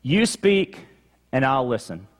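A woman's voice: rumbling low, big pitch swings, takes it slowly, long reverb tail, heavily acted. A male preacher voicing a devoted, humble woman who speaks earnestly. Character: devoted, calm young woman, eager to listen.

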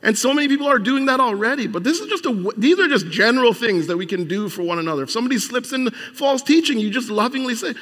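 High-voiced man preaching in a reverberant hall. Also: expressive, fast talker, few pauses, fairly bright tone. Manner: conversational preaching with repeated restarts and emphatic rhetorical questions. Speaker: pastor. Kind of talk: sermon.

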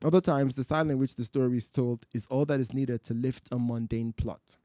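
Measured, rhythmic male poet-storyteller. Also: mid-range voice, fairly even intonation, warm tone, no room sound, clean studio sound. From West Africa. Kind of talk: live performance storytelling. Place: night-time festival marquee.

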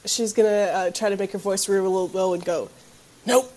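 Casting note: female player, mellow, mid-pitched, casual and matter-of-fact. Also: steady tone, a little fast. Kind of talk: casual tabletop play.

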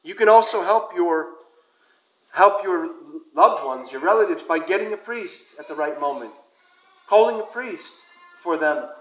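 A male priest preaches in a relaxed, storytelling way, sometimes dropping to a soft whisper. His voice sits high for a man. The sound is roomy, as if from inside a church. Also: unhurried. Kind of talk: sermon with personal anecdote.

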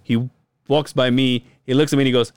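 A man's voice: medium pitch, level tone, brisk, clear, resonant tone, no echo. A man co-hosting a podcast, telling a story in casual chat, acting out what people said, swearing and laughing often. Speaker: podcast co-host.

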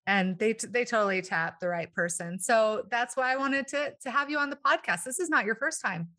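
Bright-voiced woman, eager podcast host, lively storyteller. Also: fairly high pitch, brisk. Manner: enthusiastic, animated storyteller, laughs often. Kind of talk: casual interview conversation.

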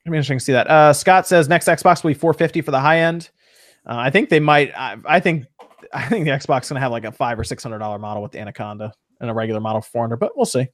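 A man's voice: medium pitch, no room sound, studio quality. A man hosting a casual gaming talk show, reading out viewer messages and giving his opinions. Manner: quick, upbeat, reads out chat questions.

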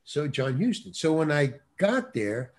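An older man spins a story with a voice that sits a bit high and leaps up and down as he talks. He jumps into the voices of the people in his tale and laughs along the way. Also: big pitch swings, measured pace. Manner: acts out quoted voices, laughs often. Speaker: actor guest. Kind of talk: animated storytelling.

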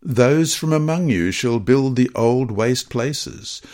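A man reading scripture passages, study questions and a mission story aloud in a measured, expressive manner. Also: mid-range voice. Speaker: devotional reader.

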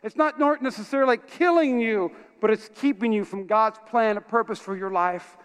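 A man's voice: high-pitched, normal speed, clear, resonant tone. A man preaching a sermon to his congregation in a church auditorium, telling stories with lots of energy and calling out to the crowd. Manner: energetic, animated storytelling with call-outs to the congregation. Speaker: pastor. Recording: reverberant hall.

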